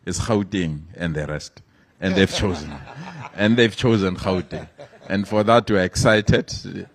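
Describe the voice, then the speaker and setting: A man's voice: low-pitched, measured pace. A South African man, a provincial premier, speaking at a press conference in short, punchy, upbeat statements.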